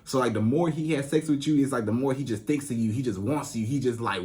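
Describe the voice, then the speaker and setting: A man's voice: medium pitch, quick pace, hardly any pauses, warm tone. A man working as a relationship coach, giving casual advice straight to his female viewers in a loose, chatty way full of "you know". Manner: addresses female viewers directly. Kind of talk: casual advice monologue to camera.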